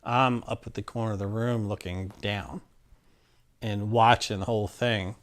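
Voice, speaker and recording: A man telling a personal story in a casual, animated way, with many fillers and restarts and acted-out quotes. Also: lowish voice, normal speed. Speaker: interviewee telling his story.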